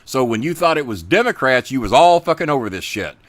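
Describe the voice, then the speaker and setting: Middle-aged male host, bright forceful voice, dry close sound, profane ranting. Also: mid-range voice, sing-song, brisk, dry recording. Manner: angry, profane, loud, talks to chat viewers. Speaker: podcast host. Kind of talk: profane political rant and casual chat.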